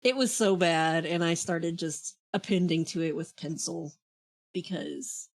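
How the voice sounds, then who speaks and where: A soft-spoken woman co-hosting a casual podcast chat, laughing often and chiming in with short agreeing murmurs. Her voice sits low, and she speaks very slowly and unhurriedly. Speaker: podcast co-host.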